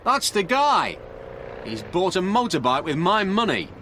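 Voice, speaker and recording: A man reading a storybook, voicing an excitable man who shouts about his stolen money. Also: on the high side, moderate pace, a little hiss or hum, voice pushed up. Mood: agitated. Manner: shouting, agitated.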